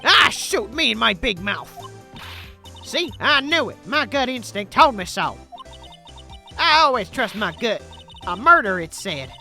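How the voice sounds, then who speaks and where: A man's voice: extremely high pitch, sing-song, a little slow, creaky, pauses often, sharp tone, faint music behind, heavily acted. A man doing a bumbling, blustering cop. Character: bumbling, clumsy male police detective.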